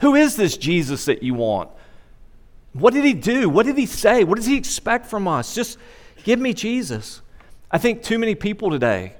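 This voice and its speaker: Middle-aged male pastor, sermon in a sanctuary, slightly high voice, earnest and repetitive emphasis. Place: church sanctuary. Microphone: wearable microphone pack.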